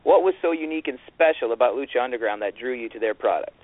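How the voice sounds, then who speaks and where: A man's voice: mid-range voice, animated, fast, no room sound. A man co-hosting a radio show, chummy and laughing, asking the guest casual questions. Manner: chummy, laughing, calls people brother. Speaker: radio co-host. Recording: dry, phone-like radio audio.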